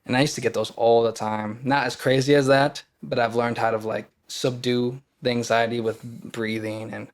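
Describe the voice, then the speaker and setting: A man's voice: mid-range voice, flat delivery, normal speed, hardly any pauses. Candid man rambling through personal stories. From Wisconsin. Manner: rambling, candid, acts out his past panic in quoted lines. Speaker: podcast guest, actor. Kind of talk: casual storytelling conversation.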